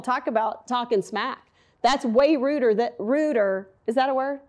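A woman's voice: fairly high pitch, normal speed. A woman teaching a Bible lesson in a chatty sermon style. She asks her listeners questions and acts out the quotes. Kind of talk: conversational sermon.

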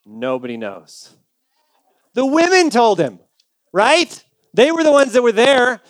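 A man's voice: very high voice, sing-song, a little slow, no echo. A male pastor preaching a sermon in a conversational, humorous storytelling way.

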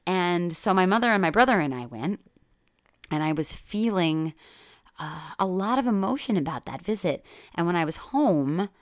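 In a clean, dry studio recording, a life coach with a fairly low voice and lively intonation talks at a moderate pace. It's casual solo podcast talk: candid, chatty, full of laughter and free swearing.

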